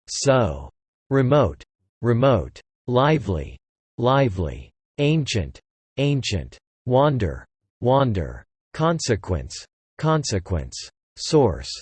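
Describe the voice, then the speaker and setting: A man reading English vocabulary words aloud one by one, saying each word twice in a slow, measured way. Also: medium pitch, breathy edge, no room sound. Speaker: vocabulary reader.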